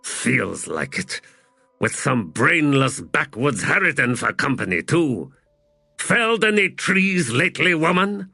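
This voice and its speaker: A man voicing a gruff, weary male warlord who curses and answers sardonically, in an audiobook. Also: mid-range voice, big pitch swings, a little slow, bright, forceful tone, no room sound, clean studio sound, pitched above the performer's own voice, exaggerated voice. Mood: sardonic.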